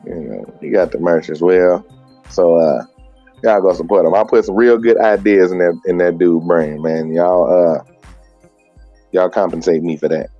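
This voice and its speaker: A man's voice: low voice, moderate pace, lo-fi sound, soft background music. A man talking through a voice-changer filter, joking in mock-grandiose banter as a podcast co-host. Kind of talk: joking casual chat.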